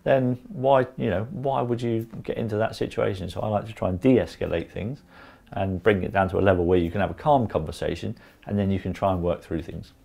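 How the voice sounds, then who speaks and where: A man in his fifties, a former football pundit, recounting events in a calm, unhurried way with lots of ums. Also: on the low side, creaky. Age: 50s. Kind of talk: casual interview.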